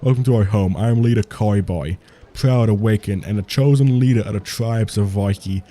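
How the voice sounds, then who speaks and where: Man reading proud guarded servant-tribe leader, fantasy game, low dark voice, stumbling restarts. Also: normal speed, natural voice.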